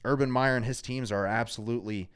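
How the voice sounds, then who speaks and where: A man hosting a live fan talk show from a studio, energetic and reading out viewers' names. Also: medium pitch, fast talker, smooth. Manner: energetic, shouts out viewers by name. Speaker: show host. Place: studio under hot lights.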